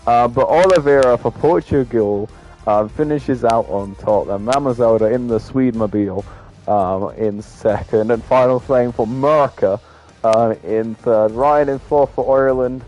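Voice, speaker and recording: A man's voice: mid-range voice, unhurried, darkish tone, muffled recording, soft background music. Casual man calling a sim race. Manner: casual, loose, many "um" fillers. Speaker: race commentator. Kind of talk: live sim racing commentary.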